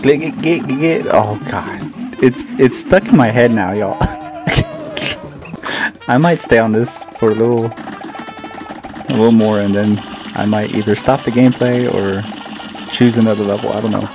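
A man's voice: fairly low pitch, moderate pace. Jokey man narrating his own gameplay. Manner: jokey, self-mocking, repeats words. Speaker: gaming channel host. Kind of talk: casual gameplay commentary. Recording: game music playing behind.

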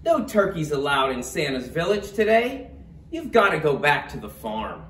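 A man doing a shrill bossy Christmas elf. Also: very animated, moderate pace. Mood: stern. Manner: loud, high, scolding. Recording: roomy, distant, faint room noise.

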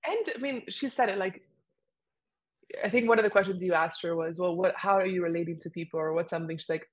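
A woman's voice: lowish voice, quick pace. A young woman co-hosting a podcast, talking casually and animatedly with lots of fillers. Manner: animated, chatty, many fillers. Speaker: podcast co-host. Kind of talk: casual conversation.

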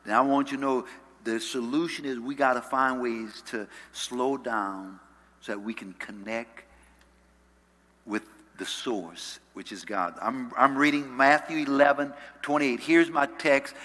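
A man preaching a sermon as pastor. He uses call-and-response and swings from loud, rising calls to soft, low passages. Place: church sanctuary. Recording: church hall reverb.

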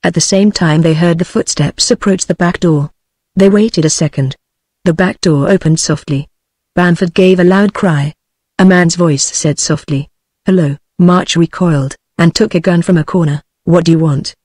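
A woman's voice: lowish voice, no echo, studio quality. Synthetic British woman reading a novel. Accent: British English. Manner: even, measured reading that voices all the characters alike. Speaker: audiobook narrator. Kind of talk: synthetic text-to-speech book reading.

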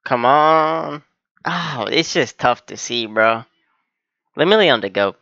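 A man talking back at an anime episode as he watches it, urging the characters on and groaning at the villain. His voice is bright and forward. The sound is dry and a little dull. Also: medium pitch, slow pace, dry recording. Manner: excitable, talks back to the screen. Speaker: anime reaction channel host. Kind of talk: live reaction commentary.

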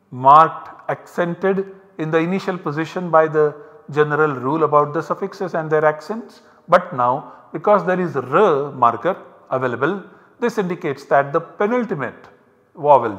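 A man with an Indian English accent, lecturing in a measured, explanatory way, with a voice pitched a little high for a man. The recording has a long reverb tail, as if captured in a resonant hall. He walks through each step of his examples at a steady pace. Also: lo-fi sound. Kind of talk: university lecture.

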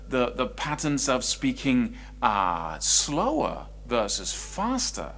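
A man teaching an online guitar lesson, explaining expression in a lively, conversational way. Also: medium pitch, slow, hardly any pauses. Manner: animated, swings between quiet and loud speech to demonstrate.

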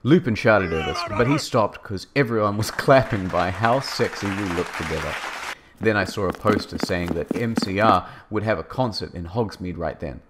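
A man hosting and narrating a comedic dramatic reading, deadpan with sarcastic swoops. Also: sits low, moderate pace, over a noisy crowd, heavy background noise. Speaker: narrator and host. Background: music.

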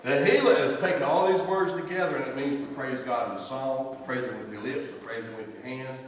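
A man's voice: medium pitch, a little fast. An older man preaching a sermon as pastor, folksy and full of repetitions and asides. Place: church sanctuary. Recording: echoey church hall from far off.

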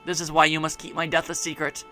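A man voicing a dying woman rebel leader, calm and resolute, in a quiet, measured, solemn read. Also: a little high, soft background music, voice pushed down. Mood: solemn, resigned.

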